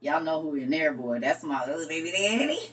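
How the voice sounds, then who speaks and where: A woman chatting casually with her viewers, sassy and drawn-out, tossing in honey and baby. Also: sits low, expressive, far from the mic, a little hiss or hum. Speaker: streamer.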